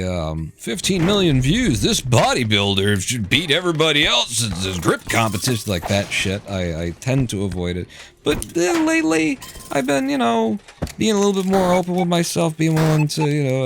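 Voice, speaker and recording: Low-voiced man rambling while gaming. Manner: digressive, swears casually, trails off and restarts. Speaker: game streamer. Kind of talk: rambling commentary while playing. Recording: steady clicking noise underneath.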